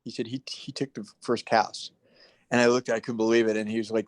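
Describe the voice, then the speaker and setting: A man's voice: lowish voice, brisk, no room sound. A man telling stories in a casual interview, acting out the voices of people he quotes. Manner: animated storyteller, acts out quoted voices. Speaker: guest, actor.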